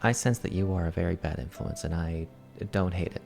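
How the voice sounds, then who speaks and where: Man doing a curious young noblewoman, halting with fillers, gravelly low voice, soft music behind. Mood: teasing. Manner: hesitant, halting with many fillers.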